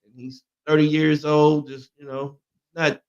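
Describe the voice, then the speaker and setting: A man's voice: a little high, unhurried, highs cut off. A man co-hosting a sports talk show, chatting casually and hedging with many fillers. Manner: relaxed, hedging with "you know" and "man".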